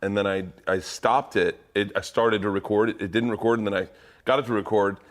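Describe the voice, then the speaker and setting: A man's voice: on the low side, steady tone, a little fast. A middle-aged man co-hosting a casual podcast, telling rambling anecdotes with frequent laughs. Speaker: podcast co-host. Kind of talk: casual chat.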